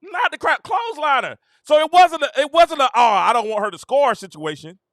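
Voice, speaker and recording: Excitable high-voiced man ranting about sports. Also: brisk, no echo, clean studio sound. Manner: excitable, shouts and laughs, talks to viewers as y'all. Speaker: sports reaction host. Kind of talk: animated sports reaction rant.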